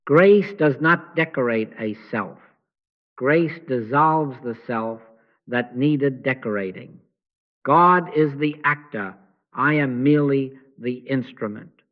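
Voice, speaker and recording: Male spiritual teacher, mid-range voice, meditative and unhurried, slightly muffled lo-fi sound. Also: mid-range voice. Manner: slow, measured and calm, with frequent pauses.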